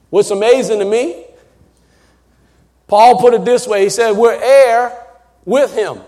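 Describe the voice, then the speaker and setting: Pastor, male, fairly high voice, folksy sermon delivery, loud bursts then quiet asides. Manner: emphatic, swinging between loud bursts and soft asides; folksy, conversational preaching with rhetorical questions. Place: church before a congregation.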